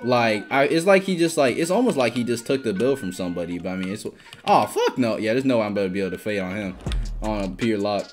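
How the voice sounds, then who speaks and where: A young man giving casual gameplay commentary, excitable and swearing often as he trash-talks teammates and opponents. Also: on the low side, fast. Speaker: gaming YouTuber. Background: background music.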